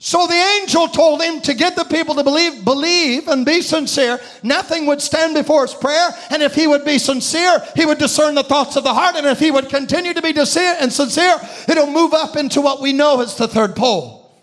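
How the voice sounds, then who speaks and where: A man preaching a sermon, retelling a vision with impassioned, shouted peaks and slow, drawn-out phrases. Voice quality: high, ringing voice that rises into shouts.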